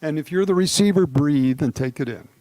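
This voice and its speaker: A man with a slightly higher voice, leading a gathering hall through a live guided exercise. He sounds relaxed and chuckles often, and he draws each phrase out slowly and deliberately. The sound is dry and close to the mic. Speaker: spiritual speaker leading a group exercise.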